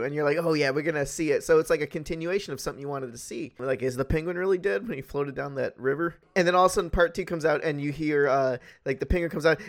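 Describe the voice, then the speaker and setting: A man with a slightly raised pitch hosts a loose podcast conversation. He talks in an animated, rambling way, swears casually and piles up comic what-if examples. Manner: animated, spins comic hypotheticals, swears freely. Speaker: podcast host. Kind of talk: casual chat.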